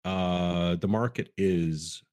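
A man's voice: deep voice, fairly even intonation, slow, darkish tone, clean tone. A man co-hosting a casual podcast, reading listener questions and answering in a wry, rambling, self-deprecating way.

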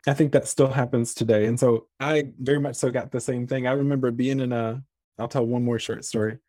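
A man's voice: medium pitch, brisk, dry recording. A young man telling stories in a casual chat as a podcast guest, acting out the voices of people he quotes. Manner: animated, acts out quoted voices.

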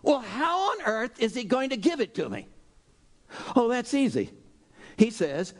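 A man preaching a sermon in an animated, dramatic way, now and then breaking into loud exhortations. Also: sits high, measured pace, pauses often. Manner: animated, dramatic, shifts into shouted exhortations and acted quotes. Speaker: pastor.

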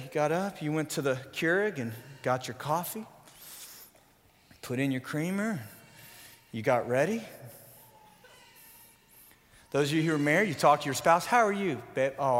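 A man in his forties preaching a sermon, telling animated stories and acting out scenes. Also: on the high side. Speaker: pastor. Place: large church worship center. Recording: long hall reverb.

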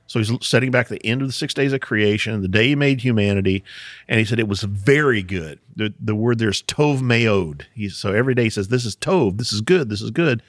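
A man's voice: lowish voice, fairly quick, no echo, studio quality. A man hosting a podcast, explaining Bible passages in a casual teaching chat, often chuckling and restarting his sentences.

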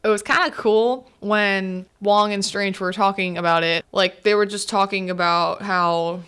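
A woman hosting a podcast, chatting casually through a movie recap, full of "like" fillers and quick asides. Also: steady tone, fairly bright tone, clear, resonant tone. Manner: acts out characters' lines with pitch swings. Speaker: podcast host.

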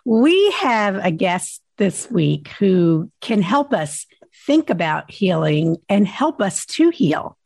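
A woman's voice: medium pitch, very animated, slow pace, vocal fry, darkish tone, no room sound. A woman co-hosting a podcast, chatting casually and supporting her co-host, then introducing a guest.

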